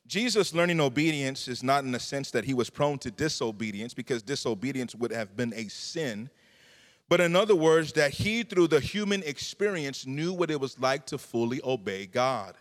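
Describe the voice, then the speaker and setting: A man's voice: mid-range voice, animated, normal speed. A man preaching a sermon in a church, with a fervent, repetitive preaching cadence. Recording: long hall reverb.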